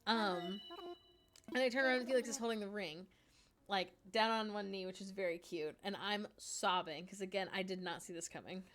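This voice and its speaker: A woman's voice: medium pitch, normal speed, a bit bright. A woman live streamer chatting casually and giggling while she plays a game, full of fillers. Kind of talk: casual chat while gaming. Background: game music.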